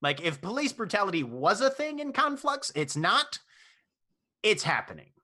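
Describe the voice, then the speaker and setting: Animated bright-voiced male game master. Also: high-pitched, moderate pace. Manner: laughs often while narrating. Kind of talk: narrating a tabletop game.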